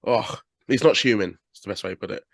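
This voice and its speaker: A man's voice: on the low side, gravelly, fairly bright tone, no room sound. British man, podcast host, chatty, laughs a lot, dry close sound. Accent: British English. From England. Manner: chatty, laughs often, quick asides. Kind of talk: casual interview chat.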